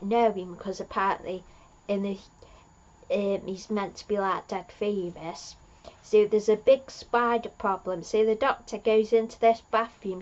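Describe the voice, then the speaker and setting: A woman's voice: medium pitch, lo-fi sound. A woman recapping an episode in a rambling, chatty way, laughing at her own jokes. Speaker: fan reviewer.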